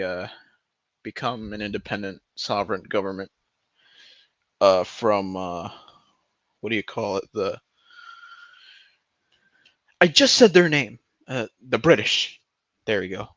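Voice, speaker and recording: Young male streamer, casual and profane, slow drawling delivery, dull close mic. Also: fairly low pitch, no echo. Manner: rambling, profane, bursts into loud laughter. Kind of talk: casual rambling chat. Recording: dry, slightly muffled lo-fi audio.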